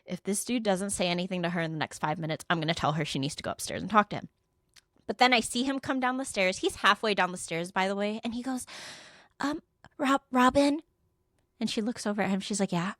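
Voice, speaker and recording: A young woman on a podcast tells a story in an animated way, swearing and acting out what others said. Her voice sits at a middle pitch. The sound is dry and close, with no room echo. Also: fast talker. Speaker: podcast co-host. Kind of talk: casual storytelling chat.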